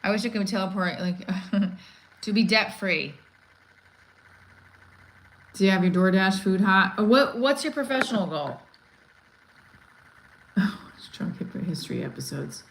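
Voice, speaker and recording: A woman's voice: mid-range voice, animated, a little slow, long pauses, a little hiss or hum, low-quality recording. A woman hosting a casual live stream, rambling, restarting her sentences and reading viewer comments aloud. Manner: rambling, restarts often, reads chat aloud. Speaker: livestream host.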